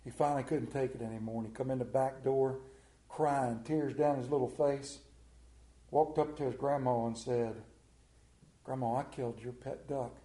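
Man, folksy sermon storytelling, warm voice, roomy church sound. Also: medium pitch, fairly even intonation, moderate pace. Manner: folksy, drops to a hush for quoted lines. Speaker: pastor.

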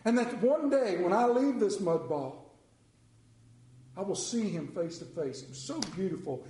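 A man delivers a folksy, earnest sermon, speaking of his own faith and reading scripture aloud. His voice sits high, with a mellow, dark tone. The sound is echoey, as if in a large room. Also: animated, measured pace. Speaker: preacher.

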